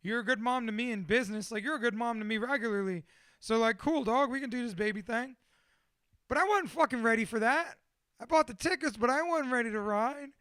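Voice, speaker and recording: Guy in his 30s swearing nonstop while he rambles about his life, really high bright voice, dry close sound. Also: brisk, no echo. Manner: profane, rambling and self-deprecating. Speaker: motivational speaker. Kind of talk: candid personal monologue.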